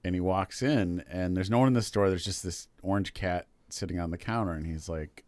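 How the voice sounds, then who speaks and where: A man co-hosting a casual comedy podcast, telling a long joke with halting restarts and fillers. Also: deep voice, a little mellow, no echo. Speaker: podcast co-host. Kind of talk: casual comedy chat, storytelling.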